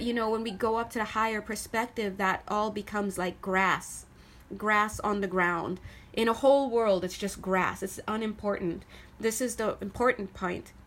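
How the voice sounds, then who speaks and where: A woman doing a casual tarot reading to camera, chatty and animated, laughing often as she talks through the cards. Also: mid-range voice, a little hiss or hum. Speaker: tarot reader.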